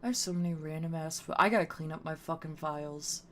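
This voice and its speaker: A woman's voice: low-pitched, fast, a little hiss or hum. A woman streamer chatting casually on a live stream, swearing freely in a playful, teasing way. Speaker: VTuber streamer.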